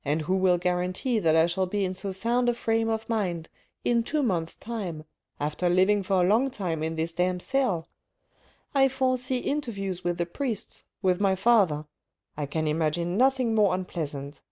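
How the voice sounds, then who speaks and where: A woman's voice: fairly low pitch, moderate pace, warm tone, lightly acted. A woman reader voicing a proud, bitter young man brooding on his fate, in audiobook narration. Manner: inward, bitter musing.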